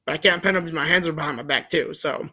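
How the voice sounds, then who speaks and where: A young man with a high voice tells a story in a loose, rambling way. He keeps restarting his sentences and filling pauses. His retelling is joking and animated. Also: husky. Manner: rambling, full of fillers and restarts. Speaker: vlogger. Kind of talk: casual storytelling.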